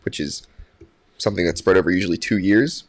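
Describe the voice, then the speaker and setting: A man's voice: deep voice, brisk, dry recording. A young man, a podcast guest, telling a story casually with many fillers and restarts. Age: young adult. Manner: animated when quoting others.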